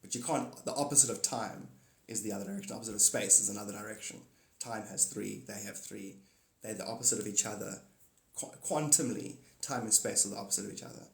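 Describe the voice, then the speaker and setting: A man's voice: on the low side, fast, gravelly, echoey room. A man chatting loosely on a phone live stream, rambling between ideas and greeting viewers by name. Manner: rambling, playful, breaks into silly singing and greetings. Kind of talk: casual live stream chat.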